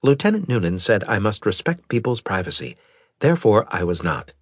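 A man voicing a polite male alien AI that speaks in a formal, measured, robotic way. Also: fairly low pitch, sing-song, breathy edge, dry recording, studio quality.

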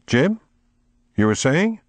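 A man's voice: a little high, very animated, slow, no echo, voice pushed up, full character voice. Anxious storybook boy, raised and eager, a man playing him, dry close voice. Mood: uneasy.

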